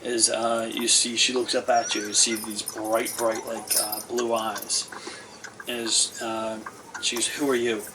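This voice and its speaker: A man's voice: fairly low pitch, level tone, slow pace. A man running a tabletop game as game master, describing scenes in a rambling way full of fillers and restarts. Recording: distant mic with clear background noise.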